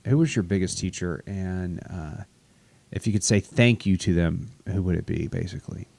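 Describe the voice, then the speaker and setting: A podcast host, a man, with a deep, low voice, rough with gravel and dark in tone. He asks his questions in a loose, rambling way, full of fillers. The recording is close and dry. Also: normal speed, no room sound. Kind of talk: casual interview chat.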